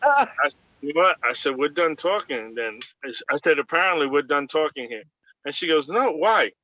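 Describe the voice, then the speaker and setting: A man's voice: a little high, animated, a little fast, bright, forceful tone. A man casually retelling a confrontation at his airline job on a video call, animatedly acting out both sides of the exchange. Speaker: airline agent. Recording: dull lo-fi video call audio.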